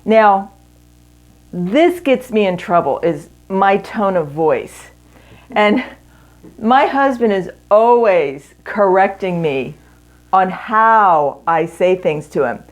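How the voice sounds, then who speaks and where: A middle-aged woman giving an earnest teaching talk to women in a marriage seminar, speaking in measured phrases with pauses. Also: mid-range voice, expressive.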